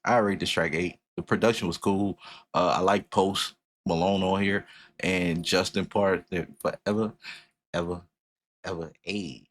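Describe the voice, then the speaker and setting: A man hosting a music reaction, talking casually and bluntly with animated swings in his voice and easy swearing. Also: low voice, measured pace.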